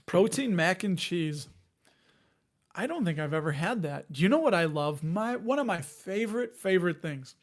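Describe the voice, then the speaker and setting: High-voiced man with a Chicago accent. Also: expressive, moderate pace. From Chicago area, Illinois. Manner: rambling, jokey, laughs often, reads chat aloud. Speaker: investing channel host. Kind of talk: casual live-stream chat.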